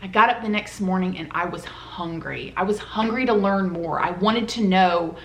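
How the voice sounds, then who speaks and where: A woman's voice: mid-range voice, normal speed, lo-fi sound, slight background noise. A woman telling a personal story on her vlog in a casual, heartfelt, conversational way. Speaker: vlogger. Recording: roomy echoey room.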